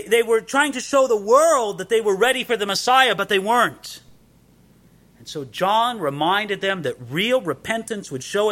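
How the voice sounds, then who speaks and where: A man preaching a sermon, animated and conversational, often asking rhetorical questions. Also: sits high. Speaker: pastor.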